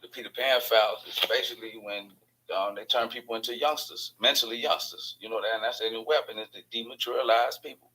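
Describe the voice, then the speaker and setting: A man's voice: mid-range voice, fairly even intonation, noisy background. A man with a Chicago accent hosting his own channel, telling stories in a rambling, profane, digressive monologue. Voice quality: profane, digressive, fast-moving storytelling. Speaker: host of an online channel.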